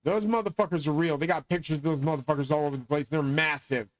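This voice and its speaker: Middle-aged male host, grandiose profane rambler; slightly high voice, dry close mic. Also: steady tone, fast talker, no echo, poor audio. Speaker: channel host. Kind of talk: rambling monologue.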